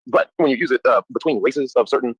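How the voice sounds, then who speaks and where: A man in casual chat, talking in an animated, profane, rambling way. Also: medium pitch, quick pace, breathy edge, no echo, highs cut off. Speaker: chat participant.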